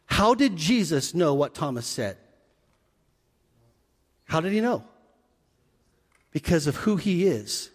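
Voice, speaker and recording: A man's voice: high voice, big-room sound. A man preaching a sermon, acting out the scenes as he tells them. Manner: animated, acts out scenes with quick voice shifts. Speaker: pastor.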